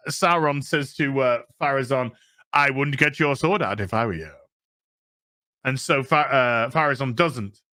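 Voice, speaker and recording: An English TV review host with a Yorkshire accent and a fairly high, sharp voice recaps an episode. His rant is sarcastic and profane, and he mocks the characters by putting on voices for them.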